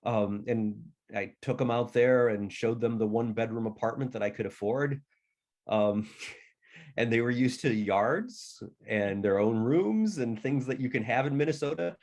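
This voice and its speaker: A middle-aged man talking as an author guest, rambling through casual stories at a medium pitch. He is chatty and now and then acts out how family members sounded. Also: a little slow, darkish tone. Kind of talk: casual storytelling conversation.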